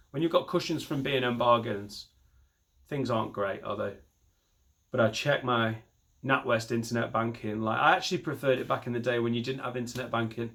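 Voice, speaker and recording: A man's voice: medium pitch, a bit bright. Guy doing standup from his garage, rambly and self-mocking, swears a lot. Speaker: stand-up comedian. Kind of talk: stand-up set filmed at home. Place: home garage.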